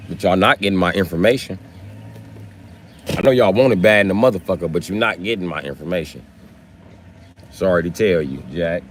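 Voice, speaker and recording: A man's voice: sits low, fairly quick, pauses often, slight background noise. A man ranting on a casual livestream, profane and confrontational, heckling his viewers.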